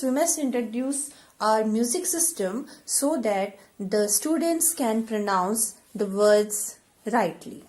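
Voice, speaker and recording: A woman teacher, slowly explaining a classroom activity with many fillers and repeated words. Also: a little high, a little mellow.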